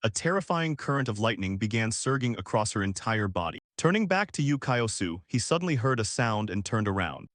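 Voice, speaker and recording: A man narrating a story recap in a scripted storytelling style, lifting his pitch for the characters' lines. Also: fairly bright tone, no echo, studio quality.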